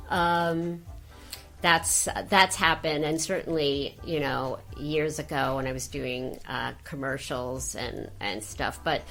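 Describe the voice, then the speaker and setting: Chatty older woman telling stories, low-voiced. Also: steady tone, unhurried, fairly bright tone, faint music behind. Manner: chatty storyteller, trailing off with fillers. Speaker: voice actress guest. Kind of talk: casual interview chat.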